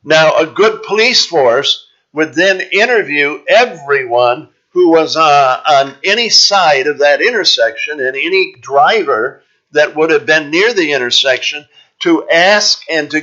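A man teaching from scripture in a sermon, his voice a bit higher than most and bright and forceful. He talks in a measured, explaining way with frequent "uh" pauses. The recording sounds dull and lo-fi. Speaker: preacher.

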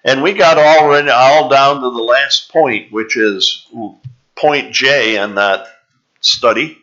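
A man preaching a sermon in a church, teaching slowly and deliberately and drawing out the scripture he reads aloud. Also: medium pitch, pushed and bright. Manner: slow, deliberate preaching with drawn-out scripture reading. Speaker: pastor. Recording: dull, slightly lo-fi sound.

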